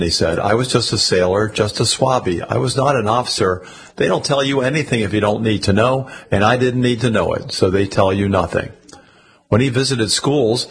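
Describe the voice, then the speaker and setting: A man reading newspaper articles aloud for a radio reading service, steady with occasional slips and restarts. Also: medium pitch, husky.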